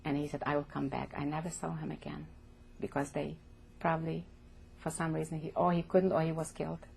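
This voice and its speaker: An older woman from Poland giving oral history testimony as an interviewee, speaking haltingly and repeating words as she goes. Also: low voice, little pitch movement, a little mellow, slight background noise. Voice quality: gravelly, husky.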